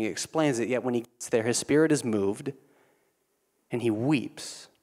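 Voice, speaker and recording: A man preaching a sermon, earnest, often repeating words as he restarts, dropping quiet and then building to emphatic peaks. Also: mid-range voice. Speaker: pastor.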